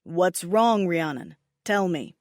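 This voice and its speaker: A woman voicing a stern male dragon lord who teases his mate in a low, coaxing voice in an audiobook. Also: animated, takes it slowly, a little mellow, dry recording, studio quality. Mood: teasing. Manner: low, coaxing, often laughing.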